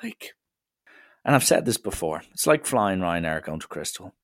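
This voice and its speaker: A young Irish man hosting a podcast, telling a story in an animated way, swearing freely. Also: low voice, moderate pace, dry recording, studio quality. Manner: animated, swears, acts out others' lines. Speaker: podcast host. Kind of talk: casual storytelling monologue.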